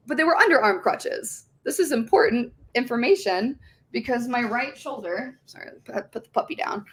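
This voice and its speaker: A young woman in her twenties talks through a personal story as a podcast guest. She is loose and chatty, leans on "like" as a filler, and swears often. Her delivery is animated, and her pitch sits in a middle range for a woman. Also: moderate pace. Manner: heavy use of "like" fillers; frequent swearing. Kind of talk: casual conversational storytelling.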